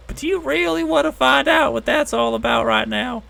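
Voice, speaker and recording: Folksy male god, played by a man, laid-back drawl, lively swooping pitch, gravelly edge. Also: normal speed, exaggerated voice. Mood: drawling warning. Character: folksy male god, calm and quietly menacing. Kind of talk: tabletop role-play.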